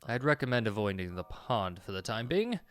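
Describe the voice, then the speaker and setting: A man voicing a polite, formal male butler who speaks quietly and deferentially. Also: lowish voice, very animated, a little fast.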